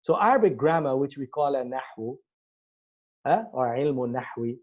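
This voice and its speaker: A man's voice: mid-range voice, expressive, normal speed, phone-quality sound. A man teaching an Arabic grammar class, explaining step by step and checking the class follows. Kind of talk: classroom lecture.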